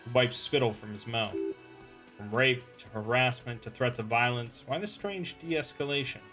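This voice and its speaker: Man reading game text aloud, bright voice, middle pitch, faint music behind. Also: moderate pace. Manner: switches between narration and gruff shouted character lines. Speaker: let's play host reading game dialogue.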